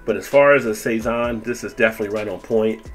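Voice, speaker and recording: A man's voice: lowish voice, fast talker, soft background music. A man hosting his own food review video, chatting casually while tasting and talking with his mouth full. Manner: relaxed, chatty, tastes and comments with full mouth.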